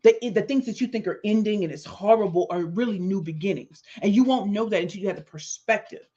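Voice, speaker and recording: A middle-aged woman hosting her podcast, telling a story in an animated, conversational way with emphatic repetitions. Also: mid-range voice, quick pace. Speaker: podcast host and business speaker. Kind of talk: storytelling monologue. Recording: dull lo-fi sound.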